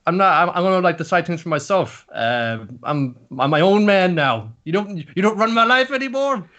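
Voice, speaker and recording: A man's voice: high-pitched, expressive, moderate pace, a bit bright, muffled recording, pitched above the performer's own voice. A man putting on the voice of a teenage boy who firmly tells his mother he will decide things for himself. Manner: firm, resolute.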